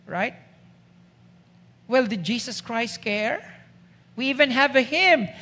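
Slow emphatic woman preacher. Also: on the high side, lively intonation, a bit bright. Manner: emphatic, rhetorical questions. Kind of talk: sermon. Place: church. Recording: echoey church hall.

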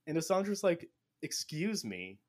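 Male podcast host, casual and animated, recaps the plot with quick character voices. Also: on the high side. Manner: animated, acts out characters' lines. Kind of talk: casual chat.

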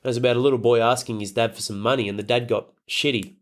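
Middle-aged man, medium pitch, hard-hitting fathers' coach who swears freely. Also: steady tone, fast. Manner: blunt, emphatic, heavy swearing. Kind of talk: motivational talk.

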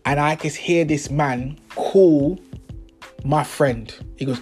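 A young man hosting a podcast delivers a casual storytelling monologue full of slang and swearing, acting out the people in his stories. His voice is a little high with a darkish tone, he speaks at a slow pace, and faint music plays behind him.

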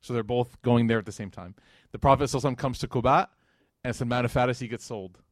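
A man's voice: mid-range voice, racing, no echo, clean studio sound. A man giving a casual religious lecture, telling a story and acting out the dialogue with slangy asides. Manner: animated, acts out quoted dialogue.

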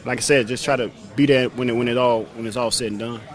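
Laid-back fast-talking football player. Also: male voice, medium pitch, fairly even intonation. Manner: laid-back, says "man" and "you know what I'm saying" often. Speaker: pro football player being interviewed. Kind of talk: casual interview answers.

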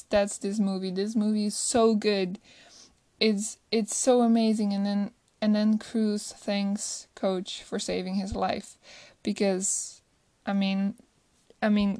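A woman with a medium-pitched, darkish voice, recorded with no room sound, chats casually about a movie she loves. As a movie reviewer, she gushes and rambles, often restarting her sentences.

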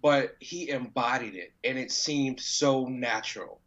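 A man's voice: medium pitch, measured pace, few pauses, a bit bright. A man being interviewed, who tells a story casually, swears freely and acts out what people said. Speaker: professional wrestler guest. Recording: dull lo-fi audio.

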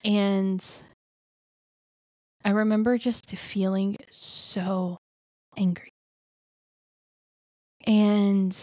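A woman's voice: medium pitch, little pitch movement, drawn-out words, long pauses, dark tone, dry recording. Earnest young woman telling her story. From Alabama. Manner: earnest, chatty, many fillers. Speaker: life coach. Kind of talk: personal storytelling.

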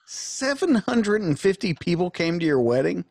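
Gravelly, lively interrupting host. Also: mid-range voice, moderate pace, dry recording, studio quality. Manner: interrupting, incredulous questioner. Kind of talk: casual chat.

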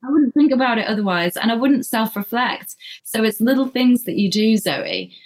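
Chatty young woman. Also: a little high. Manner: chatty, quick, self-deprecating, laughs easily. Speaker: guest, yoga and flexibility instructor. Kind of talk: casual podcast conversation.

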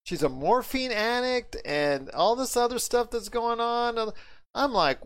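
Upbeat male podcast host from the States, fairly high voice, stretches words for emphasis. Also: lively intonation. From United States. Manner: enthusiastic, drawn-out emphasis. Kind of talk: casual podcast chat.

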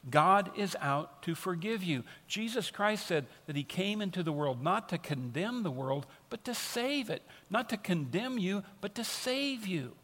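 A man preaches a sermon as pastor, his voice sitting high with a fairly bright tone. He is earnest and emphatic, repeating key phrases for stress, and the long reverb of a large hall surrounds him.

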